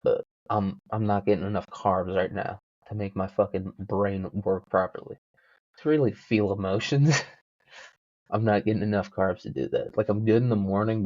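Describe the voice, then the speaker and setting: A man's voice: low-pitched, steady tone, normal speed, dry recording, lo-fi sound. A young man hosting a solo podcast, rambling casually with lots of swearing and self-mocking jokes. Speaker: podcast host.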